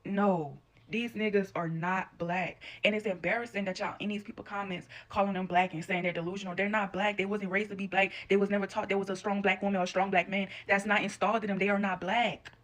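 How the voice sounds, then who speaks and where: A woman's voice: mid-range voice, little pitch movement, fairly quick, few pauses, fairly bright tone. A woman giving a blunt, profane reaction rant to camera.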